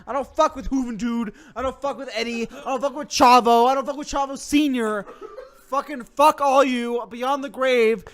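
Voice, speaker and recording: A man's voice: very high voice, steady tone, a little fast, hardly any pauses. A man hosting a comedy show, ranting angrily and swearing constantly, with mock threats. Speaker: host. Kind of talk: comedic profane rant.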